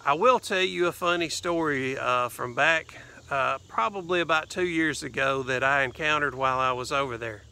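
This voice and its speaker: A man's voice: mid-range voice, normal speed, gravelly, bright, forceful tone. A man with a Southern US accent telling a rambling, casual story in his vlog, with lots of fillers and "anyway.". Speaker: vlogger.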